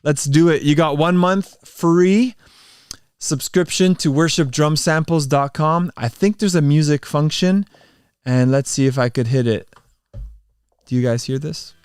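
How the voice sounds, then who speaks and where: A man's voice: a little high, normal speed, darkish tone, clear, resonant tone, dry recording, clean studio sound. A man hosting a casual livestream, talking earnestly with many fillers, then leading a prayer. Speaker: channel host and worship drummer.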